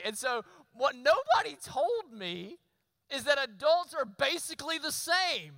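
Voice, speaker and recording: A man, preaching a sermon and telling a story with lively, sometimes shouted asides. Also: extremely high pitch, measured pace, creaky, no echo, low-quality recording. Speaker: pastor.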